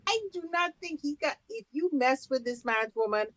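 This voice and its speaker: A woman's voice: high voice, expressive, normal speed. A woman co-hosting a podcast in casual chat, giving emphatic, opinionated takes on a show. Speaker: podcast co-host.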